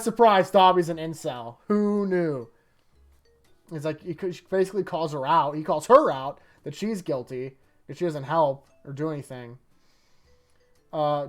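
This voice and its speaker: A YouTuber giving a casual, rambling review of a manga chapter, chatty and quick to laugh. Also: medium pitch, a little mellow, faint music behind.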